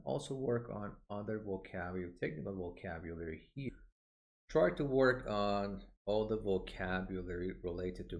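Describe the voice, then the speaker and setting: A man teaching medical English from a textbook. He repeats terms slowly to model their pronunciation and often pauses with "uh" as he points to the page. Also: lowish voice. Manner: slow, deliberate, models pronunciation by repeating words; frequent "uh" fillers, points at the page. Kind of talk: textbook walkthrough lesson.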